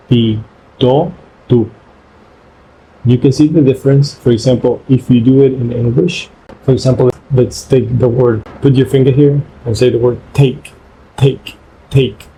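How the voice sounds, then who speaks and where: A man whose first language is Spanish, teaching pronunciation in English by repeating syllables in slow drills. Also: mid-range voice, mellow, slight background noise, rough recording. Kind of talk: pronunciation lesson.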